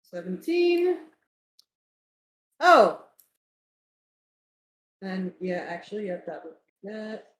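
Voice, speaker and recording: A woman narrating a tabletop game as game master, chatty and quick to laugh. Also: medium pitch, very animated. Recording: echoey room.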